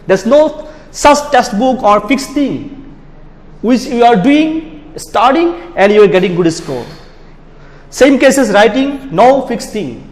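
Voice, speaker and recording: A man's voice: very high-pitched, lively intonation, slow pace. A man from Bangladesh with a Bangladeshi English accent, teaching an exam prep class in an emphatic style that repeats key words. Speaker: IELTS teacher. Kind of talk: classroom lecture. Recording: long hall reverb.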